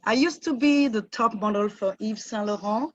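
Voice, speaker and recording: A woman from Martinique with a French accent, speaking halting, earnest English as a guest singer on a video call. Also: on the high side, no room sound, muffled recording. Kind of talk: online event performance.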